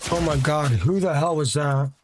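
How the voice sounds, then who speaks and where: A man's voice: fairly high pitch, normal speed, slight background noise. A young man streaming a game live, chatting casually with viewers and swearing now and then. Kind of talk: live gameplay commentary.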